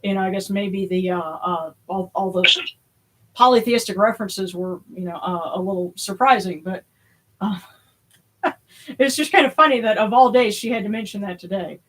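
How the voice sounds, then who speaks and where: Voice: medium pitch, moderate pace, fairly bright tone, rough recording. Livestream host, casual and rambling, hesitant, plenty of fillers. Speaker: host of a religious livestream service.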